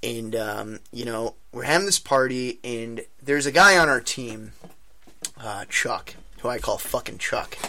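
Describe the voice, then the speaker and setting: A man's voice: mid-range voice, a little slow. A young adult man telling a long, profane anecdote in casual chat with friends, acting out the other people's lines. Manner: animated, profane, acts out voices. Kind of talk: casual storytelling among friends.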